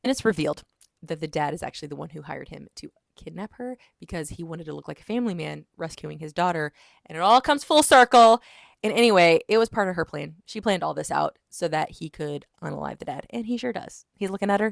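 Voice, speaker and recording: Gravelly-voiced woman gushing over a book. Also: low-pitched, dry recording, clean studio sound. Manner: animated retelling with quick character voices. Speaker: book reviewer. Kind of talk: casual book review monologue.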